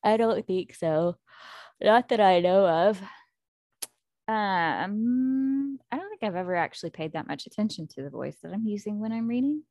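An American woman hosting a casual book-club chat, talking in a chatty, animated way with lots of fillers. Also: medium pitch, moderate pace, no echo, studio quality.

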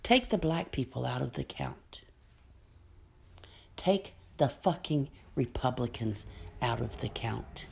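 Low, slow-spoken furious woman ranting. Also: expressive, vocal fry, a little mellow, slightly rough. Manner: furious, profane, cutting. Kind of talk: angry political rant to camera.

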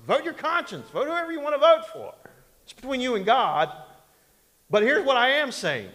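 A man's voice: very high-pitched, big pitch swings, moderate pace, pushed and bright. A male pastor preaching a sermon in a conversational, folksy way, often asking the congregation for an amen and joking along the way. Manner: folksy and humorous, slips into mock voices. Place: church sanctuary. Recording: long hall reverb in a church.

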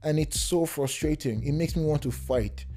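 A man rants through a solo podcast in loose, slang-heavy talk. His voice is mellow and dark, and it swings between heated outbursts and quiet, low murmurs. Faint music sits behind him. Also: normal speed. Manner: heated ranting that drops into calm murmurs; casual slang-heavy talk with filler restarts. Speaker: podcast host.

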